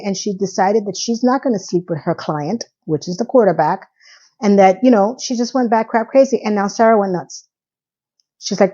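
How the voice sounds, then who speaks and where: A woman talks through a TV episode recap in a chatty, sarcastic style, often sounding incredulous. Her voice sits in a middle pitch. The recording is slightly dull and lo-fi. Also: lively intonation, moderate pace, dark tone. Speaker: TV recap vlogger.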